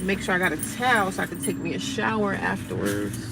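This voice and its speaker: A woman's voice: fairly low pitch, fairly quick. Chatty woman vlogging outside on a phone. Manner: chatty, talks to herself, animated when retelling. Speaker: live-streaming vlogger. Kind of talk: casual live-stream chat. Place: outdoors in the cold, near cars. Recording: outdoor phone audio with clear street noise.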